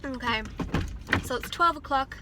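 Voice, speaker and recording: A woman's voice: high voice, a little slow, very noisy. A young woman chatting casually to her camera while out and about, with music behind her. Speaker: vlogger. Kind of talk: casual vlog narration. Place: car and outdoors in the street.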